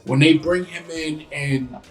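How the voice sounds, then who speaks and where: A man hosting a casual podcast, telling stories in a loose, animated way and acting out scenes in quick voices. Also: on the high side, soft background music, low-quality recording. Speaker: podcast host. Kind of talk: casual chat.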